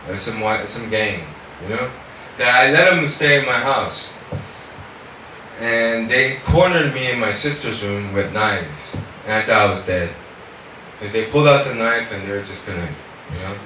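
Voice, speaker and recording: Bright-voiced man telling a testimony in an echoey room. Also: medium pitch. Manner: animated storytelling, heavy on fillers like "you know"; switches into Korean at times. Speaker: speaker giving a testimony. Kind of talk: personal faith testimony. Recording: echoey room, mic far off, faint noise.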